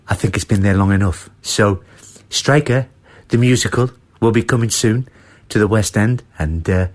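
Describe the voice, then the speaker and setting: A rambling, deadpan football manager, as a man puts him on for a radio comedy bit. He speaks in a fairly low voice and stumbles through his grand announcement with stops and filler sounds. He keeps a flat, matter-of-fact delivery. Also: natural voice. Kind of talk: comic impression on sports radio.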